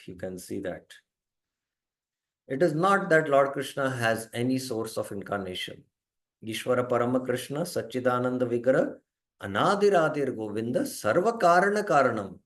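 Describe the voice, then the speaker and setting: A man teaching a scripture class. He explains carefully, sometimes hesitates, and puts questions to his students. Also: mid-range voice. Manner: quizzes students by name.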